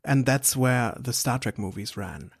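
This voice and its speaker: A man's voice: medium pitch, expressive, a little slow, vocal fry. German guy hosting a podcast in english, laid back, dry little jokes. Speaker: podcast host. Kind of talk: casual interview chat.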